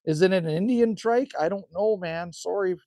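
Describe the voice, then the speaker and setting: Standing outdoors in the cold by a cabin, a man reads viewer comments on a live stream and answers them in an easygoing, rambling style. His warm voice sits high and moves at normal speed, and the recording is clean, studio-like, and free of room sound.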